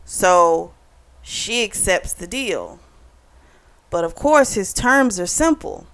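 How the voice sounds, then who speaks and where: A woman giving a casual book review, retelling the plot in an animated way and acting out the dialogue. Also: mid-range voice, slow pace, no echo.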